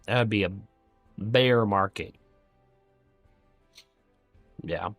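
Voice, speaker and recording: A man talks through his trades on a live stream and thinks aloud as he works the numbers. He is candid and openly critical of his own mistakes. His voice sits fairly low and sounds dry and close, with faint music underneath. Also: extremely slow, a bit bright, no room sound. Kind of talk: live trading commentary.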